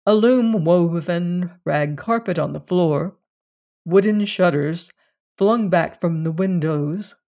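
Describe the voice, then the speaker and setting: Slow, measured mystery story narrator. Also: mid-range voice, a little mellow. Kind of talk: storybook reading of a classic mystery.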